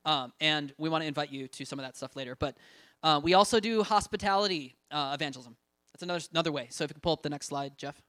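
A young man giving a casual talk about evangelism training over slides, full of fillers and quick laughs as he acts out little quotes. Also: on the high side, pushed and bright, no echo, clean studio sound. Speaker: ministry trainer presenting.

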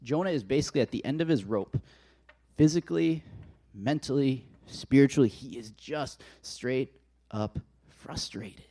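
A man preaching a conversational sermon, telling the story in a casual, animated way. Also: medium pitch, normal speed.

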